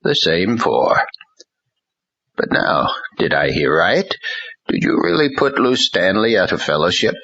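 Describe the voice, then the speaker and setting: A blunt, world-weary older pastor, voiced by a man, talking slowly and with force. The voice is very low and bright-edged, slightly husky, on a dull, lo-fi recording. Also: very animated, full character voice. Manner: slow, faltering, forceful. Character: older ousted male pastor, blunt mentor.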